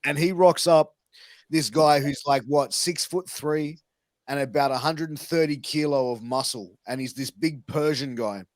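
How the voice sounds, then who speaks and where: A podcast host with a higher-pitched voice speaks a little slowly through a long, rambling, sweary story, acting out the quotes in his anecdotes. The talk is casual, and the recording is dry.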